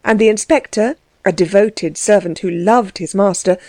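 A woman reading a novel aloud as narrator in measured, even storytelling. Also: medium pitch. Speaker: audiobook narrator. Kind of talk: scripted narration.

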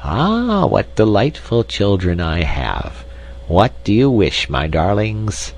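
A man's voice: on the low side, sing-song, takes it slowly, creaky, darkish tone, full character voice. A man voicing a lazy, querulous male weasel king in a storybook reading, snappish and whiny. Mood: doting.

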